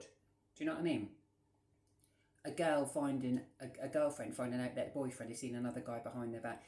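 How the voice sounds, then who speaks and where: A man's voice: mid-range voice, a little mellow. A man telling a rambling storytime vlog in a blunt, profane way. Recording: roomy echo.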